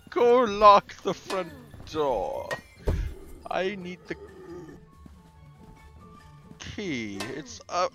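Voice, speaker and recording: A man's voice: sits high, wildly swooping pitch, drawn-out words, pauses often, sharp tone, soft background music. A man commentating a game on a live stream, laughing a lot and yelping in disbelief. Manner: laughs often, yelps and exclaims in disbelief. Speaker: gaming streamer.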